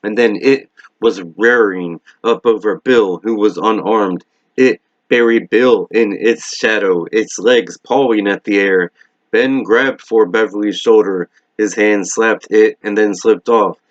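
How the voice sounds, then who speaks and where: Low-voiced man reading a novel aloud. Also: measured pace, no echo. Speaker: reader. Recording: dull lo-fi recording.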